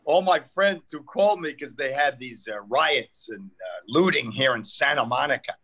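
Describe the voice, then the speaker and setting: Captured on a low-quality recording, an older comedian from New York speaks at normal speed in a medium-pitched, slightly rough voice. As a guest in a casual chat, he tells stories with animation, voicing the people involved and acting out their back-and-forth.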